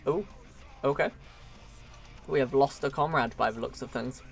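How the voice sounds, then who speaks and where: A man's voice: medium pitch, unhurried, creaky, long pauses, soft background music. A man giving casual, chatty commentary while live streaming a strategy game, laughing often and talking to his viewers.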